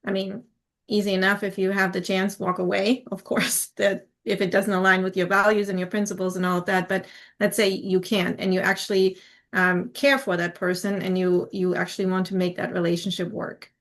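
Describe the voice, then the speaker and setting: A woman's voice: mid-range voice, flat delivery, fairly quick, a bit bright. A woman asks questions in a casual podcast chat, thinking aloud and circling back with small fillers. Her voice sits mid-range for a woman.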